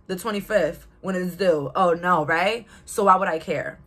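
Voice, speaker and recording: Chatty New woman, low-pitched. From Brooklyn, New York. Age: 20s. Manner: outspoken, chatty, quick to laugh. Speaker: tarot reader. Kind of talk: casual tarot reading to viewers.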